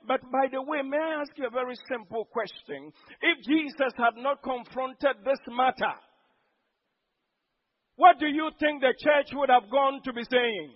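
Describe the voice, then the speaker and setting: Pastor guy, really high voice, preaching loud then soft, muffled echoey church sound. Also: unhurried. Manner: preaching with sudden loud emphatic outbursts. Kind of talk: sermon.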